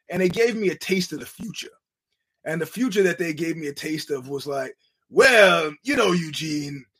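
Rambling profane middle-aged man. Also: a little high. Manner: rambling, profane, laughing storyteller. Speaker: podcast host. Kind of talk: casual monologue.

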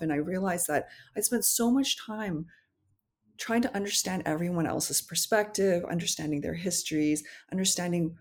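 Low-voiced woman reflecting candidly. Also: normal speed. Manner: thoughtful, candid, searching for words. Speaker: podcast guest, memoir author. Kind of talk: reflective conversational interview.

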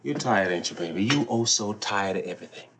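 A man's voice: on the low side, animated, fairly quick, noisy background. An actor playing a frustrated grown man pleading with his wife, bitter, with a light island lilt, on an old film soundtrack. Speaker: film actor in a dramatic scene.

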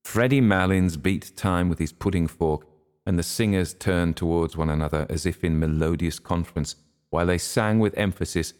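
A man narrating a classic short story in an audiobook, reading in a measured, steady way. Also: low-pitched, clear, resonant tone.

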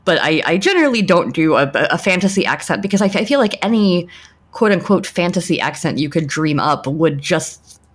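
Frank, lower-pitched woman podcast co-host. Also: expressive, fairly quick, slightly rough. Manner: frank, talks things through with many restarts and "like"s. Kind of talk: casual roundtable chat.

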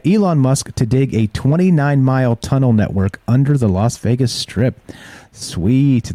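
Low mellow-voiced male stream host. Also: no room sound. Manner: reads headlines aloud with offhand asides. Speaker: show host. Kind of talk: casual live-stream news chat.

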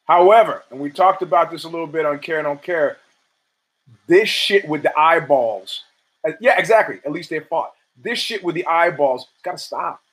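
A man's voice: on the high side, moderate pace, rough recording. A man hosting his own show, telling a rambling, profane story with stammered restarts and acted-out dialogue. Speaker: podcast host. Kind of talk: casual storytelling monologue.

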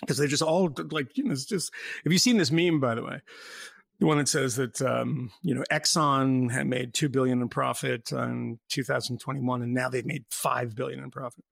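Guy with a gravelly slightly high voice, rambly and sarcastic, laughing a lot, dry close sound. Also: normal speed, a bit bright, no room sound. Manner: rambling, sardonic, laughs often. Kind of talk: casual political chat.

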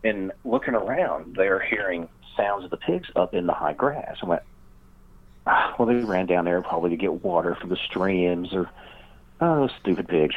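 A man, a guest author, telling a rambling story in an interview, full of fillers and acted-out quotes. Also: deep voice. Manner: meandering, many fillers, acts out quoted voices. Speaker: guest author and paranormal researcher. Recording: dull lo-fi remote audio.

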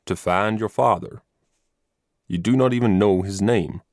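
A stern, grieving middle-aged army colonel from a storybook, voiced by a man. He speaks gravely and in measured phrases. The low voice has a gravelly grain and a dry, close sound. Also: darkish tone, no echo.

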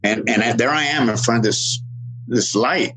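A middle-aged man earnestly telling a personal story, halting and restarting, quoting others in lively voices. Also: mid-range voice, rough recording.

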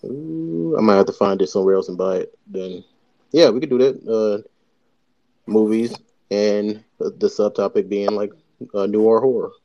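A laid-back man co-hosts a casual podcast. His voice is warm and mellow, and he agrees easily. The recording sounds dull and lo-fi. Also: fairly low pitch, moderate pace. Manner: laid-back, agreeable, often laughing along. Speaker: podcast co-host and editor. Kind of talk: casual chat.

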